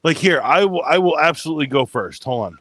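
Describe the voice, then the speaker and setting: A man's voice: on the high side, lively intonation, quick pace, fairly bright tone. A man hosting a casual podcast chat, rambling and self-mocking, laughing often. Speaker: podcast host.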